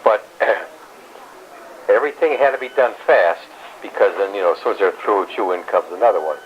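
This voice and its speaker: A man's voice: on the low side, fairly quick. An older man, a grandfather, telling his life story in a rambling, blunt way with some salty language, recorded at home. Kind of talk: casual family storytelling. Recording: dull home recording with faint hiss.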